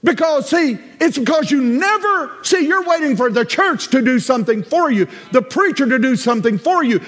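A man preaching a sermon as a pastor, emphatic and repetitive, with sudden loud cries. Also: extremely high pitch, lively intonation, normal speed, long reverb tail.

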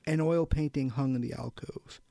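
A man reading a novel aloud in a measured, even storytelling manner. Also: medium pitch, gravelly, no echo. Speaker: audiobook narrator. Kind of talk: scripted narration of a novel.

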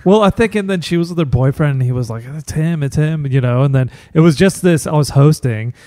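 A man's voice: fairly high pitch, animated, quick pace, mellow, no room sound. A man with an American accent, a comedian hosting a casual podcast, telling a wry, profane anecdote. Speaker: podcast host and stand-up comedian.

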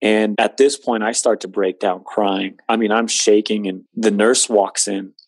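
A man's voice: lowish voice, steady tone, unhurried, no echo. A man in his late twenties earnestly recounting a personal story in conversation, with many fillers. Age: 20s. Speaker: guest telling his story.

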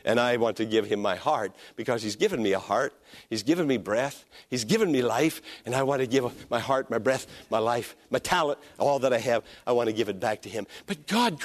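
A man preaching a sermon as pastor, emphatic and repetitive, drawing out key phrases and calling on listeners to repeat them. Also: fairly high pitch.

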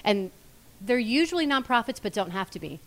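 A woman chatting as a podcast guest, talking in an enthusiastic, animated way about her own show. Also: a little high, fairly quick. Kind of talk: casual chat.

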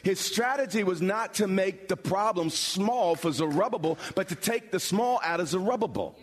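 A pastor preaching a sermon, building from explanation to bold, emphatic calls with dramatic pauses. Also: male voice, high-pitched, lively intonation. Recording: long hall reverb.

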